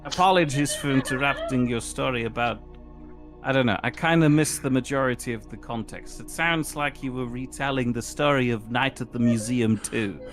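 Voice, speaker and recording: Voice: medium pitch, normal speed, music in the background. A speaker on a gaming stream with dry, mock-formal humor. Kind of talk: casual gaming chat.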